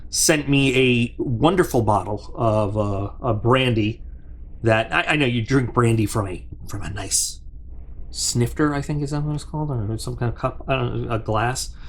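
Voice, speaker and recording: A man of middling pitch hosts a casual unboxing review and talks straight to his viewers. He rambles in a chatty way, doubles back on himself, and drifts into side remarks before returning to the item in his hands. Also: moderate pace, a little hiss or hum. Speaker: product reviewer and channel host.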